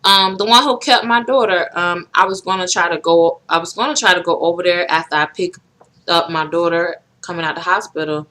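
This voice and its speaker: Young woman vlogging, lowish voice but bright and punchy, just chatting and telling a story. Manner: chatty storytelling with rising pitch in quoted speech. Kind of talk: casual chat to camera.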